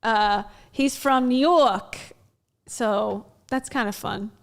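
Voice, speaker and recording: A woman's voice: a little high, slow pace, vocal fry. A woman hosting a livestream in casual chat, joking and bantering with her guest. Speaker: livestream host.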